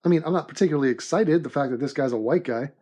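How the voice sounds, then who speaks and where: A man hosting an animated comedy commentary in a mock-serious, deadpan sarcastic manner. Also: on the high side, racing, highs cut off. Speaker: host and narrator of an animated commentary.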